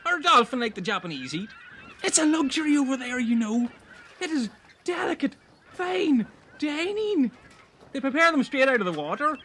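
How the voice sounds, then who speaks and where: A man in improvised comedy role-play, excitable, rambling and crude. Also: very high-pitched, slight background noise. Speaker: castaway fisherman character in comedy improv.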